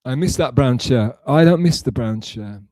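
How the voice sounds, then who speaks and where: A man chats on a live stream, reading out messages and answering them at length. He talks in a rambling, sarcastic way, stumbling and restarting often. His voice is mellow and dark, heard close and dry. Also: mid-range voice, expressive, normal speed, dry recording. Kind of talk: casual live-stream chat.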